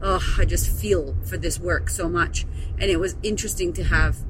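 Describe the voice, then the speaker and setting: A woman's voice: lowish voice, fairly even intonation, moderate pace, background noise. A woman hosting her own podcast as a confidence coach, speaking in a gushing, emotional way with plenty of swearing. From Melbourne area. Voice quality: profane, gushing, emotional storyteller. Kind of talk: casual podcast monologue.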